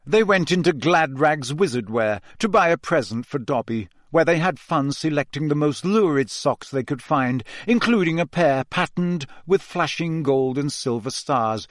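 A man's voice: a little high, animated, moderate pace, hardly any pauses, no room sound, studio quality. A man reading a novel aloud as an audiobook narrator, telling the story steadily and voicing the characters' quoted lines himself.

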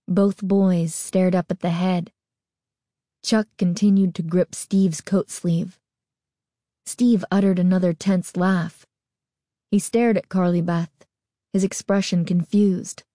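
A woman reads a spooky story aloud at a slow, measured pace. Her tone is mellow and dark. The recording is close and dry. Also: medium pitch, fairly even intonation, dry recording. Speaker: narrator. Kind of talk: scripted horror story narration.

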